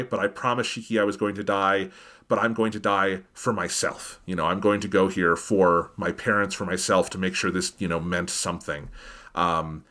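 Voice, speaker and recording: A man's voice: low voice, moderate pace. A man co-hosting an anime review podcast, talking through a film's themes in a casual, analytical way that livens up when he quotes characters. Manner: thoughtful, animated when quoting characters. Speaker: podcast co-host.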